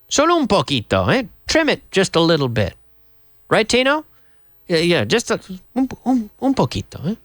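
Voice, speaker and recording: A man's voice: high voice, huge pitch swings, a little slow, fairly bright tone, dry recording, clean studio sound. A man from Canada teaching English vocabulary on a TV lesson, spelling words out and switching into Spanish.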